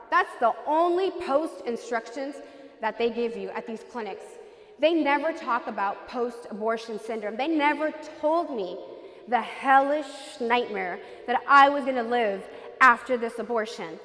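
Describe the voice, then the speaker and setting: A woman's voice: fairly high pitch, a little slow, fairly bright tone, big-room sound. A woman telling her personal story in an earnest testimony, acting out the people she quotes. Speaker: speaker giving a personal testimony. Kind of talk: emotional personal testimony talk.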